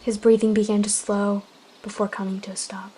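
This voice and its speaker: A woman softly narrating a casual animal roleplay story and chatting to viewers. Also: mid-range voice, little pitch movement, a little fast, breathy edge. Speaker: storyteller and video creator.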